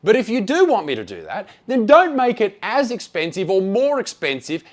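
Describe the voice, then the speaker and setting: A man with a broad Australian accent rants through a travel review, blunt, sarcastic and full of swearing. His slightly high voice swings widely up and down as he talks. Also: huge pitch swings, normal speed. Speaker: travel vlogger.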